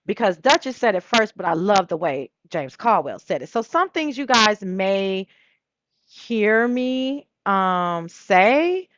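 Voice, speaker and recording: A woman's voice: medium pitch, very animated, a bit bright, no room sound. Female talk host, chatty and loose, prone to mimicking people; lo-fi dry recording. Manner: chatty, drops into quick impressions of people. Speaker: show host. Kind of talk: casual solo chat.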